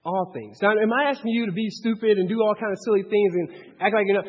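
Male pastor, high husky voice, animated conversational preaching; muffled lo-fi capture, long church reverb. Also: fast. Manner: direct, animated, checks in with listeners. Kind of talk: conversational sermon. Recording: dull lo-fi sound with long hall reverb.

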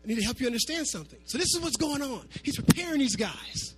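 A man preaching a sermon to his congregation, animated, sometimes half-singing his phrases. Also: very high-pitched, fast, slightly rough. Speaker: pastor.

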